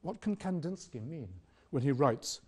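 An older British-accented man gives an academic public lecture, measured and questioning, using rhetorical pauses. His voice is fairly high-pitched and animated.

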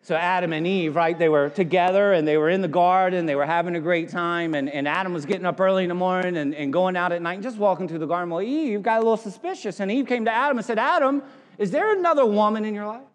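High-voiced pastor in a reverberant hall. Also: male voice, quick pace, few pauses. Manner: joking storyteller, animated voices for quotes. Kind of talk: sermon. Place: church sanctuary.

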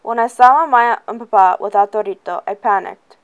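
A woman reading a first-person novel aloud in a plain, even way. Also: fairly high pitch, fairly quick, highs cut off. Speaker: reader.

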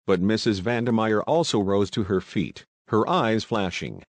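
A man narrating an audiobook in a steady, even reading voice. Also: lowish voice, moderate pace, hardly any pauses, no echo. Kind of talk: scripted narration.

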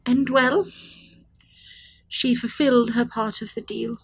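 A woman's voice: fairly high pitch, steady tone, slow, breathy edge, exaggerated voice. A woman voicing a distressed female centaur, once human, who stammers and apologizes as she speaks. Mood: anxious, halting.

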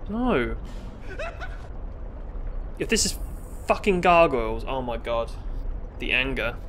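British guy doing a let's play, swears a lot, bright punchy voice, faint noise behind. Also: mid-range voice, very animated, slow. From Britain. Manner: swearing, exasperated running commentary with sudden outbursts. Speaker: gaming YouTuber.

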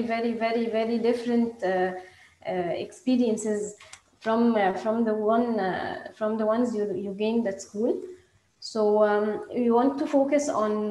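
A woman pitching her startup, her talk full of hesitations, fillers and restarts. Her voice sits a bit high and mellow. The sound is roomy and echoing. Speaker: startup presenter. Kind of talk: pitch presentation.

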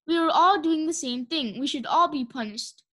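A restless young male dragon, loud and impatient, as a woman reads him. His voice sits high and eager in a storybook telling. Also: normal speed. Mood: earnest.

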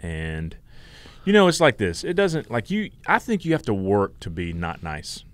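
A middle-aged man with a Southern US accent and a fairly low voice that still swings widely in pitch. He talks in a relaxed, deadpan way, casually chatting as a podcast co-host. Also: normal speed. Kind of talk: casual chat.

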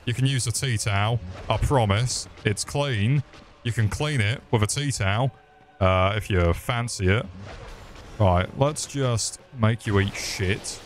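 A man narrates his gameplay with a low, easygoing voice, trading crude jokes and swear words with the enemies he fights. Faint background hum sits under his commentary. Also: measured pace. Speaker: gaming video creator.

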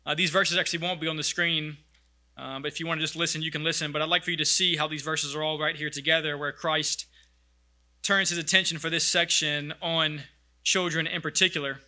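A man's voice: fairly high pitch, little pitch movement, brisk, pushed and bright. A man preaching a sermon as pastor, earnest and reflective.

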